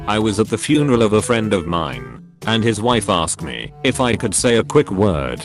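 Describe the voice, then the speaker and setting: A man reading a string of jokes as scripted narration, deadpan, dropping lower for punchlines. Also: normal speed, faint music behind. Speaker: narrator reading Reddit posts.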